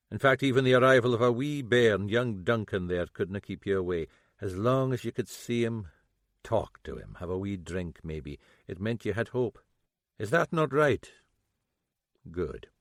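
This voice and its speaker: A male narrator voicing a shrewd middle-aged Scottish detective who toys with a suspect. His Scottish-accented voice moves slowly and needles, with a lively, varied pitch. The sound is close and dry. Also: no room sound. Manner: slow, needling, toying.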